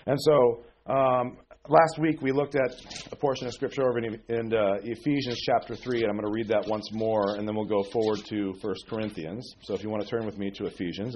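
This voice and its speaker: A pastor with a weak voice, under the weather with a cold, preaching in a folksy, conversational way that keeps checking in with "okay?". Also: male voice, fairly low pitch, steady tone, brisk, a little mellow, slight background noise. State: sick with a cold. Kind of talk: conversational sermon. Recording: dull lo-fi recording.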